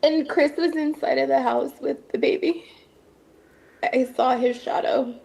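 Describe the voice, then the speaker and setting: Woman, interview account, tearful, dark mellow tone, high pitched. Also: steady tone, measured pace, vocal fry. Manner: tearful, voice breaking at times. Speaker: interviewee recounting a family ordeal. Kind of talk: emotional personal account.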